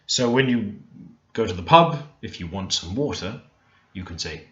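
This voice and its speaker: A man teaching beginner vocabulary in a relaxed, thinking-aloud way, often stopping to correct himself. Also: on the low side, moderate pace. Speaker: language learner teaching Korean. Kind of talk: screen-recorded language lesson. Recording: roomy, dull lo-fi screen recording.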